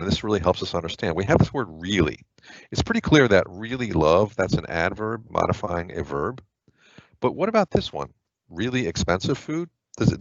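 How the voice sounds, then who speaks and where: A man's voice: sits low, fairly bright tone, dry recording, lo-fi sound. A man teaching a grammar lesson for test prep in a chatty, informal way, with frequent fillers and offhand asides. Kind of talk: casual explanatory lesson.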